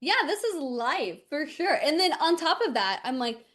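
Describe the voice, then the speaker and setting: A woman's voice: high voice, very animated, moderate pace. A woman hosting an interview, encouraging and supportive, speaking loosely with many fillers. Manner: warm, encouraging, rambling with fillers. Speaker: nutritionist host. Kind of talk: casual interview.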